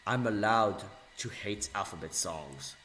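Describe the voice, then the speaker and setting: A young man rants on camera with a bright, cutting voice that leaps up and down in pitch. He mocks and insults, dropping to mutters and then bursting into yells. The room around him is echoey. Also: animated, measured pace. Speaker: video ranter. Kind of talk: angry rant video.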